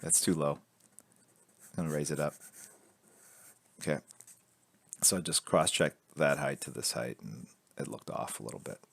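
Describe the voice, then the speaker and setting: A man's voice: a bass voice, moderate pace, gravelly, pauses often, fairly bright tone, slightly rough, dry recording. A man streaming a live drawing lesson, explaining construction lines while he sketches, joking and reading chat aloud. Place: indoors at a drawing board. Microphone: camera fixed to drawing board.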